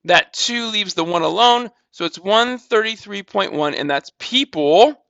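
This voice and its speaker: Casual, high-voiced man teaching math. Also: expressive, unhurried, creaky, a bit bright, no echo, dull audio. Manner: talks through calculations step by step, casual, repeats numbers, says "blah, blah". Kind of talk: recorded math lesson walkthrough.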